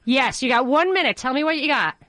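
A woman hosting a talk radio show from a studio, chatty, quick with asides and often laughing. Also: sits high, expressive, sharp tone. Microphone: studio microphone.

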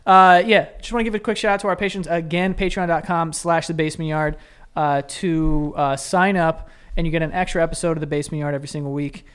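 A man's voice: a little high, fairly even intonation, fast talker, fairly bright tone, smooth. A young adult man hosting a podcast, chatting casually, joking and laughing through loose banter. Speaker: podcast host. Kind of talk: casual chat.

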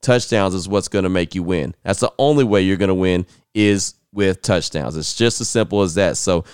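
A man's voice: low-pitched, moderate pace, clear, resonant tone, no room sound, clean studio sound. A man hosting a sports podcast, talking casually and reading sponsor ads with a laugh at himself now and then. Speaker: podcast host. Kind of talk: sports podcast talk with ad reads.

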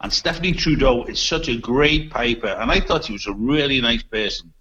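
A man's voice: mid-range voice, fairly quick, pushed and bright, dull audio. A man bantering in casual podcast chat, crude and full of profanity.

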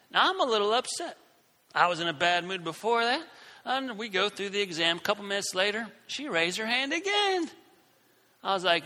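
Middle-aged male preacher, lively storyteller, high and very bright, booming hall reverb. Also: a little fast. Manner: animated, acts out voices in his story. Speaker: Christian speaker. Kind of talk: storytelling sermon.

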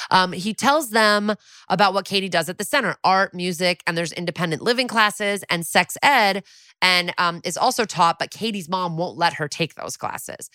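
A woman's voice: fairly low pitch, pushed and bright, no echo, clean studio sound. A woman co-hosting a podcast, chatting casually through an episode recap with plenty of fillers and casual swearing. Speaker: podcast co-host.

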